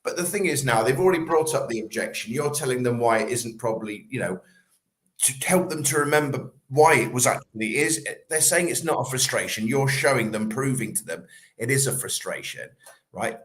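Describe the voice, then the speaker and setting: A man's voice: mid-range voice, lively intonation, a little fast, fairly bright tone, reverberant. A man coaching on sales in a casual podcast chat, acting out little scenes in quoted voices.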